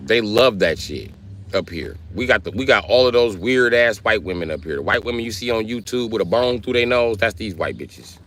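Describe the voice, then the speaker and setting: Male streamer host, deep-leaning, swooping delivery, crude animated banter. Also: a little fast, slight background noise. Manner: profane, animated storytelling with voiced asides. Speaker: livestream host. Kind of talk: casual livestream chat.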